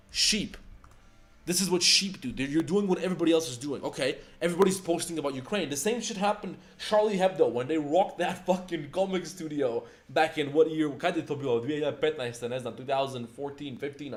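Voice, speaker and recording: A man in his twenties ranting heatedly on a livestream, profane and firing off rhetorical questions. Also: a little high. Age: 20s. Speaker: livestream host.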